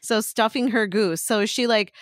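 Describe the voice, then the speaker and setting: A woman's voice: on the high side, normal speed, no room sound, studio quality. A middle-aged woman co-hosting a podcast in casual chat, telling stories with lots of "like" and restarts. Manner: chatty storyteller, frequent "like" and restarts. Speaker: podcast co-host.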